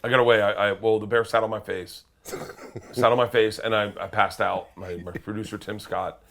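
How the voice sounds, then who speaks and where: Man telling a loud, animated story. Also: on the low side, brisk, gravelly. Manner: loud, excitable, swearing, breaks into shouted quotes. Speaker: interview guest.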